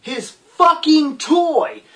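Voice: high-pitched, very animated, drawn-out words, fairly bright tone, recorded from a distance, slight background noise. Profane, incredulous ranting film reviewer. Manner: profane, sarcastic, incredulous outbursts. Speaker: movie reviewer.

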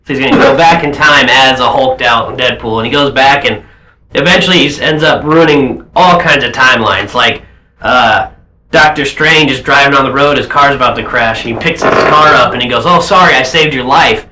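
A young man chatting casually and excitedly, rambling and acting out quotes in loud bursts. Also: mid-range voice, moderate pace. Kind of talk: casual chat. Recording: echoey room with faint background noise.

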